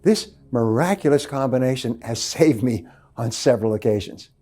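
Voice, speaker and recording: Lively, mellow-voiced male motivational speaker. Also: medium pitch. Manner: measured, emphatic instructional delivery. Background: soft background music.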